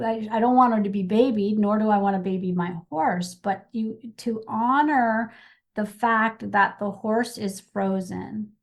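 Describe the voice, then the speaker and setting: Middle-aged lady podcast cohost, slow easy pace, animated, does little voices for quotes. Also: on the high side. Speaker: podcast co-host. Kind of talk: casual chat.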